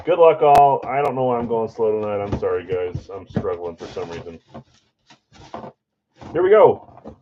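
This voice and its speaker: Hosting a live card break stream, a man with a fairly low voice and lively intonation talks with viewers at a moderate pace, pausing often and ribbing himself over his mistakes. Background noise runs through the slightly dull, lo-fi audio.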